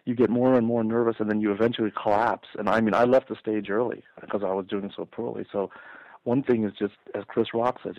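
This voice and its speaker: A man, a comedian calling into a show, chatting eagerly and telling stories at a quick clip. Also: lowish voice, steady tone, no echo. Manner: fast-talking, eager storyteller. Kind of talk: casual chat. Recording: dull call-in line.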